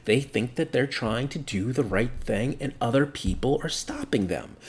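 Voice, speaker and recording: A man with a middle-pitched voice talks casually through his opinions. He rambles, circling back with fillers and restarts. He is blunt and swears freely. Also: lively intonation, normal speed, husky.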